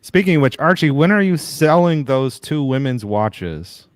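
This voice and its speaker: A man's voice: a little high, expressive, moderate pace, dry recording, clean studio sound. A man on a livestream, teasing the host with pointed questions. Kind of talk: casual livestream banter.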